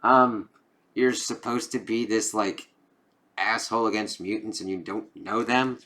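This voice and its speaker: A man's voice: fairly low pitch, fairly even intonation, measured pace, sharp tone. A man casually talking through a comic book review, rambling and swearing freely as he retells the story. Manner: profane, rambling retelling full of fillers.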